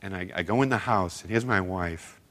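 A man's voice: deep voice, fairly quick, a bit bright. A middle-aged man, a former youth pastor, tells heartfelt stories at a men's seminar and acts out other people's lines. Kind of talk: storytelling sermon. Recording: long reverb of a large hall.

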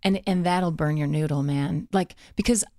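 A woman guest comedian telling a story in casual conversation, lively, acting out other people's quoted lines amid fillers and false starts. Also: deep voice, no room sound, clean studio sound. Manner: lively, acts out what others said in quick quoted voices.

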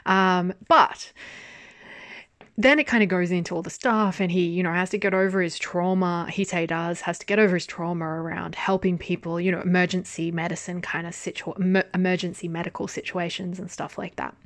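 A woman's voice: lowish voice, steady tone, brisk, no room sound. A young woman chatting casually through a review, laughing often and swearing freely as she talks. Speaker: drama reviewer.

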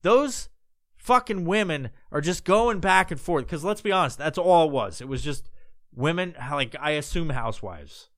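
A man's voice: on the high side, expressive, normal speed, a bit bright, dry recording, studio quality. Rambling, profane male podcast host. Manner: loose and profane, full of fillers and restarts. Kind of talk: casual rambling monologue.

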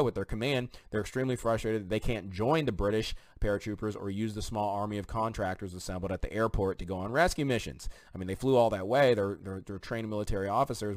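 A man's voice: on the low side, no echo. A man giving casual political commentary, reading news aloud with indignant, rambling asides.

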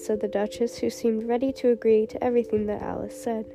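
A woman's voice: fairly high pitch, little pitch movement, quick pace. Woman narrating a storybook over music. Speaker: audiobook narrator. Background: background music.

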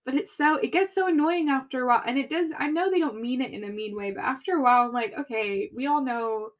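A woman's voice: high-pitched, animated, quick pace. A young American woman co-hosting a podcast, chatting casually with many fillers and frequent laughs. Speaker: podcast co-host. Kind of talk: casual chat.

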